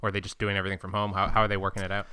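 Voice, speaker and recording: A man's voice: deep voice, monotone, very fast, sharp tone, clean tone, dry recording, studio quality. A man hosting a podcast, chatting in a playful, joking way. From New Zealand. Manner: playful, jokey introductions. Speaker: podcast host. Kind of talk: casual chat.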